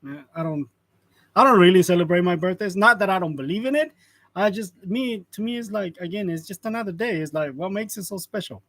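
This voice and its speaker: A man's voice: high-pitched, lively intonation, fairly quick, fairly bright tone, no echo. Chuckling man in his forties, dry close sound. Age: 40s. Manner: greets viewers by name, chuckles often. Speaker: host of a live stream. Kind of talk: casual live-stream chat. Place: print shop. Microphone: wireless lavalier.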